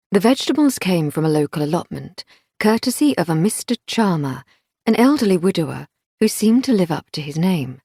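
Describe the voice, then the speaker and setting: A woman reading a crime thriller audiobook in a measured storytelling manner. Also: fairly low pitch, expressive, creaky, dark tone, slightly rough, dry recording, studio quality. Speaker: audiobook narrator. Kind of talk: scripted narration.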